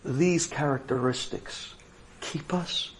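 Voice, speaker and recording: A rabbi giving a dramatic personal storytelling talk, swinging from loud to quiet for emphasis. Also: male voice, fairly high pitch, takes it slowly, slight background noise.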